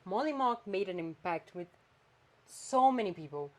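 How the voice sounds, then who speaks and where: A woman's voice: medium pitch, normal speed. Chatty woman podcast host. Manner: animated, chatty, swings between flat and emphatic. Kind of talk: casual chat.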